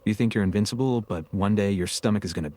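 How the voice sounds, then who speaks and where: Guy with a really deep voice, narrating history w/ jokes, wry and laid back. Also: fast talker, darkish tone. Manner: joking, wry storytelling. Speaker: co-host. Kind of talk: scripted podcast narration.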